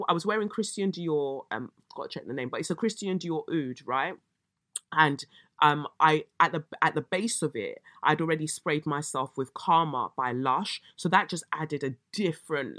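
A woman, hosting a casual solo podcast, a little croaky, telling stories with swearing and dramatic outbursts. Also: sits low, no echo, studio quality. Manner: animated storytelling, swearing, bursts of exaggerated shrieking. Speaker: podcast host.

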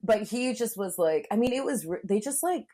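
A woman's voice: a little high, lively intonation, normal speed, dark tone. Frank, chatty woman from Southern California. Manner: frank and blunt, chatty, full of "like" fillers. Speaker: podcast guest, comedian. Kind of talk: candid conversational storytelling.

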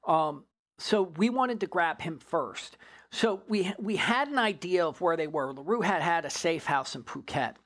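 A former drug agent, a man, telling a case story in an interview in a blunt, profane, animated way. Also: a little high, unhurried.

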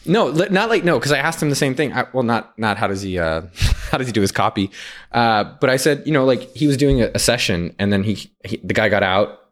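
Young male host, fast and expressive delivery, lowish voice, laughs easily. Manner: animated, asks probing questions, laughs often. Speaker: podcast host. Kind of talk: casual interview chat.

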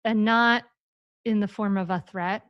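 A woman's voice: medium pitch, fairly even intonation, unhurried, no room sound, muffled recording. A woman hosting an on-air coaching call as a parenting coach, talking in a playful, demonstrative way and acting out examples.

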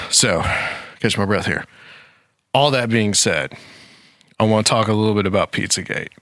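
Rambling low-voiced male podcast host. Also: normal speed, long pauses, a bit bright, no room sound, clean studio sound. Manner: rambling, conversational, frequent fillers. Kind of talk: casual talk show discussion.

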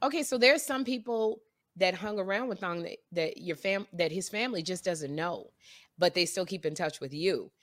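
A woman co-hosting a casual podcast chat, talkative and animated, often repeating and restarting her sentences. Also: on the low side, moderate pace, no echo, clean studio sound. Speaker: podcast co-host.

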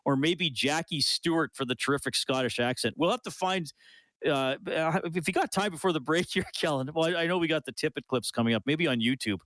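A man's voice: on the high side, fairly quick, fairly bright tone, no room sound. A man hosting a sports talk radio show, reading listener messages aloud in a chatty way and laughing now and then. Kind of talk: casual call-in sports radio chat. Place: radio studio. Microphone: studio microphone.

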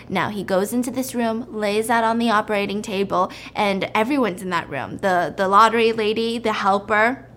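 A woman's voice: mid-range voice, moderate pace, few pauses, a little hiss or hum. A woman host casually and animatedly retelling a film plot, amused and chatty, with plenty of fillers. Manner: lively, amused, conversational with fillers.

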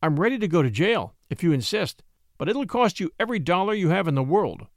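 A man's voice: sits high, sing-song, no echo, clean studio sound. A man playing a stern young lawyer. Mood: indignant. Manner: stern, measured and confident. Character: cool young lawyer, clever and commanding.

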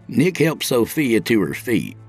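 A man's voice: medium pitch, big pitch swings, measured pace, gravelly, husky, faint music behind. A man narrating a gritty first-person story, his storytelling vivid. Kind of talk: audiobook narration.

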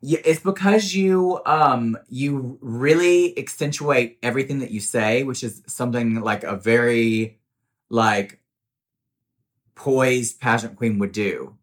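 A man hosting a podcast as a drag queen, chatty and animated, laughing often. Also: medium pitch, takes it slowly. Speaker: podcast host. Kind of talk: casual chat.

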